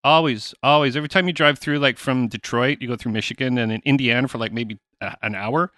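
A man with a Canadian accent hosting a casual interview, chatty and quick to agree. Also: mid-range voice, steady tone, fairly bright tone, no echo, studio quality. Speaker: podcast host.

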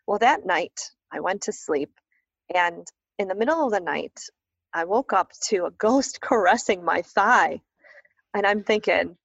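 A woman tells a story in relaxed talk and gives each quoted person a voice. Her voice sits in a middle range. The recording is dry and a little muffled, with a lo-fi edge. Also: medium pitch, normal speed, dry recording. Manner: animated, acts out quoted voices. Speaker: guest. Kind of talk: conversational storytelling.

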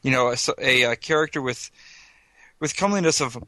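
This is a man with a bright, forward voice, talking through tabletop game rules on a podcast. The recording is close and dry with no room to it, and he keeps a chatty, amused tone. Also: medium pitch, fairly quick, dry recording, rough recording. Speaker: podcast co-host presenting a segment. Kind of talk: casual tabletop gaming discussion.

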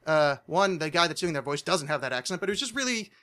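A man's voice: on the high side, expressive, quick pace, fairly bright tone. A man with a nasal American accent, co-hosting a podcast in casual chat, rambling with many fillers. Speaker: podcast co-host.

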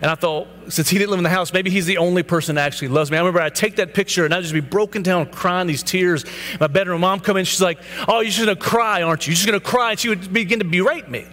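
A man's voice: high-pitched, fast talker, a bit bright. A man in his thirties, a pastor giving a personal testimony sermon, telling his story earnestly and acting out the dialogue. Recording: hall reverb, faint hum.

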